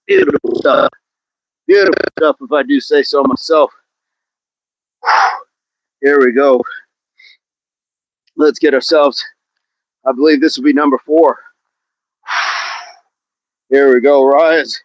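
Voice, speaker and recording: A man's voice: mid-range voice, lively intonation, slow pace, long pauses, no room sound, poor audio. A man hosting a live outdoor workout on a hill, exercising as he talks, counting down reps and greeting chat viewers by name. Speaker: fitness livestream host.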